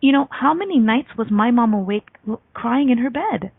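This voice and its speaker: A woman's voice: on the high side, lively intonation, moderate pace, breathy edge, dry recording. A woman hosting a radio talk show, telling a personal story in a casual chat with a lot of "like" fillers. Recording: dry, tinny phone-line sound.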